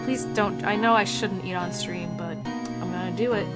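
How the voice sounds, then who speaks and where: A woman's voice: on the low side, steady tone, moderate pace. A woman streamer chatting casually and giggling at herself while playing a game. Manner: chatty, giggly, self-mocking. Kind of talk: casual gaming stream chat. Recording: game music behind the voice.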